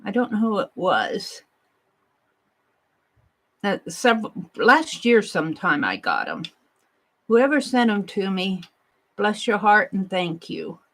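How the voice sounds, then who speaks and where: A woman talks her way through an art journal page at her craft desk, unhurried and easygoing. She chats to viewers and herself, dropping into soft murmured asides as she works. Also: medium pitch, very animated, rough recording. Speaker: art journaling livestream host. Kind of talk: casual crafting narration.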